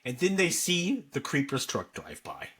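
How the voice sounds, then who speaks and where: Bright-voiced man recapping a horror film. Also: fairly high pitch, wildly swooping pitch, moderate pace, husky. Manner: ends many sentences with a questioning "no?"; loose, rambling recap with frequent "uh" and laughter. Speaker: podcast co-host. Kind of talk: casual chat retelling a movie plot.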